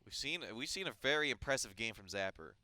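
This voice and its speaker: A man calling live esports play-by-play, excitable and quick, with jokey asides. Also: mid-range voice, no room sound.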